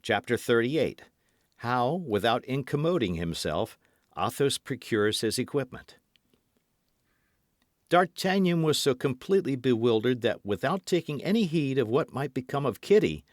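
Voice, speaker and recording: A male narrator reading a classic novel aloud with a lively, swinging delivery. His voice sits in a middle register, dry and close. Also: mid-range voice, no echo. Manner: expressive storytelling. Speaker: audiobook narrator. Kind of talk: scripted narration.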